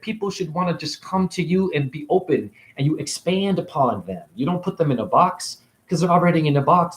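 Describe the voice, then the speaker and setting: A man giving a rambling spiritual monologue to camera, jumping from topic to topic, talking in circles and swearing freely. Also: a little high. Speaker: spiritual video creator. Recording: echoey room.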